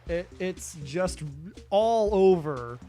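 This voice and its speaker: A man's voice: sits high, animated, extremely slow, mellow, soft background music. A tired, sleepy man streaming a game late at night, rambling in casual chat with lots of fillers and restarts that trail off.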